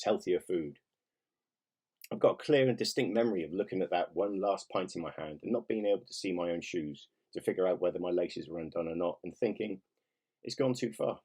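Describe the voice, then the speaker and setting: Male author, 50s, low and husky, reads his own memoir with wry self-mockery. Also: dark tone. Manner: wry, self-mocking, with casual swearing. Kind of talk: reading his own nonfiction aloud.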